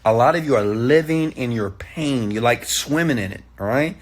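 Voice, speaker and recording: A man giving a motivational talk, preachy and animated, often checking in with "okay?". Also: medium pitch, moderate pace. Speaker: motivational speaker.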